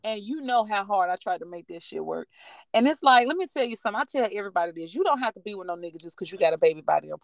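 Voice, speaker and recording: A young woman hosting a casual podcast, venting in blunt, profane language. She acts out each person in her stories. Her voice sits at an ordinary pitch and sounds dry and close. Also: animated, racing, no room sound. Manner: profane, blunt, vents with quoted dialogue. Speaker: podcast host. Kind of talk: casual storytelling chat.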